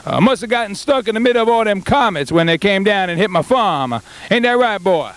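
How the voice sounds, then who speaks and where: A man's voice: high-pitched, lively intonation, fairly quick, fairly bright tone. A man playing a boastful rural farmer in a comedy sketch, rambling and stumbling over his words. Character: boastful rural male farmer, middle-aged, folksy.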